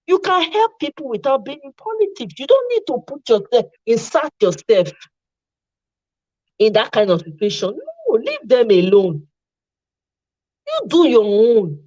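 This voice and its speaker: A woman's voice: on the high side, dry recording. A woman with a Nigerian accent giving casual commentary as the host, slipping into Pidgin and acting out little scenes. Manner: animated, mixes in Pidgin and acts out little scenes. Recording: dull, dry lo-fi sound.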